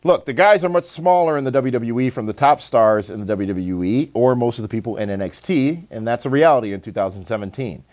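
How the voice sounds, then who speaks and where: A man hosting a wrestling talk show, reading viewer comments in a steady, wry manner. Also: mid-range voice, a little fast, few pauses. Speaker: host.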